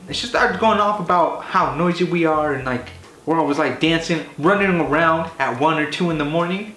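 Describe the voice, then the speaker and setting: A man telling a comedy story in an animated, rambling way, swearing often and filling his talk with "like" and "you know". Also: a little high, normal speed. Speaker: comedy vlogger. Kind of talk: casual profane storytelling. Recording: echoey room with faint hiss.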